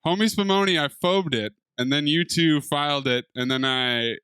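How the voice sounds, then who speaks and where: Male podcast co-host, playful brag, bright high voice, close and dry. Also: moderate pace, smooth, no echo, poor audio. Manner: boastful, playful. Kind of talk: casual chat.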